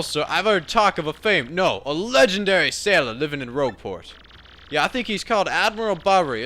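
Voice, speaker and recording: A man voicing a gruff, eager bomb sailor with rough, slangy speech. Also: fairly high pitch, bright, forceful tone, pitched above the performer's own voice. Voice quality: rough dropped-letter slang.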